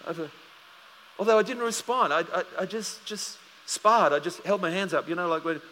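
A man's voice: high voice, normal speed, sharp tone, in a large hall, slight background noise. A man preaching a sermon as pastor, telling stories animatedly and acting out both sides of a conversation.

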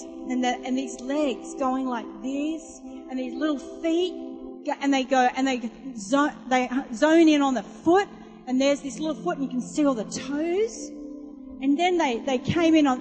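High voiced woman preaching, animated storytelling, echoey hall with music behind. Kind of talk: sermon with storytelling. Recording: live sermon in a reverberant hall with music behind.

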